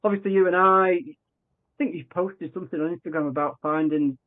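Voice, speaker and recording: A man with a high-sitting voice tells a story a little fast as a podcast guest, conversational and animated. He acts out the voices in his dialogue and often restarts his sentences, heard over a tinny, phone-like remote line.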